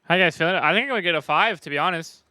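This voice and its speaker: Bright, crisp-voiced man streaming casually. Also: on the high side, rapid-fire, no room sound, studio quality. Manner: profane, joking, laughs often. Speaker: streamer judging game maps. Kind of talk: casual live-stream chat.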